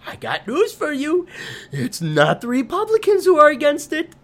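A man's voice: very high-pitched, wildly swooping pitch, normal speed, fairly bright tone. A man hosting his own podcast, talking alone in a ranting, scornful and sarcastic way. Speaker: podcast host. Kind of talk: opinionated solo podcast monologue.

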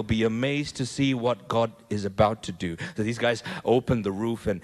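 A man preaching a sermon in a church, animated, often repeating words and building to loud peaks. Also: on the low side, moderate pace, few pauses. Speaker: pastor. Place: church hall.

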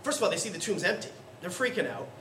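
A high-voiced man preaches to his congregation and talks to them like friends, telling the story with lively, casual energy. His voice rings through an echoey church hall, picked up from a little way off the mic. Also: quick pace, far from the mic, slight background noise. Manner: conversational, animated storytelling with acted-out voices. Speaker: pastor. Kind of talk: sermon. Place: church sanctuary.

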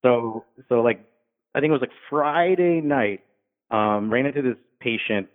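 A man casually recounts stories from his ambulance shifts, jumping into high, squeaky voices to play the people he met. His voice comes through thin and tinny, like a phone line. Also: unhurried. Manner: animated, acts out drunk patients in high voices. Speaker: guest, former paramedic. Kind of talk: casual storytelling.

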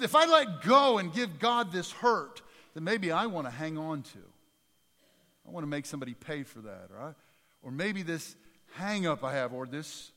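A man preaching a sermon in a fairly high voice, easy and conversational, with restarts and bursts of emphasis. His words ring out with a long reverb, as in a church hall. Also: sharp tone. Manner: conversational preaching with repetitions, rising to emphatic peaks. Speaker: pastor.

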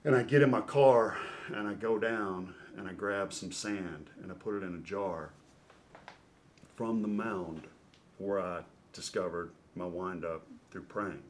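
A middle-aged man, a former ballplayer and podcast guest, telling an animated story. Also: low-pitched, a little slow, slight background noise. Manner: animated storyteller who acts out scenes. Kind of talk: storytelling interview.

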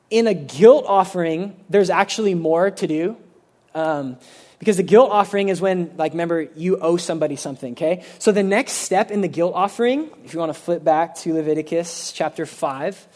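Young male pastor, high voice, chatty sermon delivery with lots of "like", slips into quick voices for quoted people. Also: darkish tone. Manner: casual, conversational preaching with many fillers; acts out quoted speakers in quick asides.

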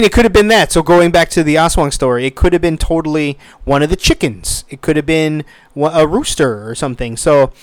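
A man in his thirties telling a story in a casual, animated way, swearing freely. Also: mid-range voice, clean tone, dry recording. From United States. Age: 30s. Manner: animated, swears freely, acts out quoted voices.

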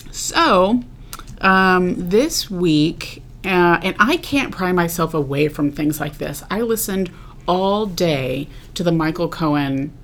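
A woman's voice: fairly low pitch, animated, slow, fairly bright tone. A woman co-hosting a podcast, talking in a chatty, rambling way with lots of fillers. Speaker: podcast co-host. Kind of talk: casual chat.

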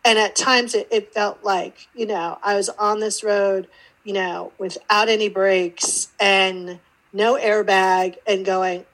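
A woman's voice: mid-range voice, slow pace, rough recording. A woman guest on an interview podcast, telling her story casually and acting out the voices in it. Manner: animated, acts out quoted dialogue. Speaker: podcast guest, intuitive teacher.

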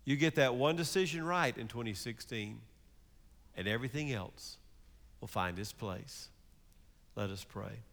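A male pastor giving a sermon, moving from lively storytelling to slow, hushed emphasis. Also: mid-range voice, long reverb tail.

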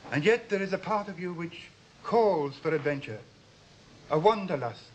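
An actor playing a calm, solemn male alien in a 1960s TV drama, speaking in a measured, formal way, from a muffled old television recording. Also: a little high, slight background noise, close to an everyday voice. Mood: earnest.

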